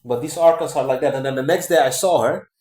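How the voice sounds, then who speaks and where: A man's voice: mid-range voice, quick pace, a little mellow, reverberant. A man talking casually to his viewers in a rambling way, full of fillers, restarts and "man" and "guys". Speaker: vlogger. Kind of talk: casual monologue to camera.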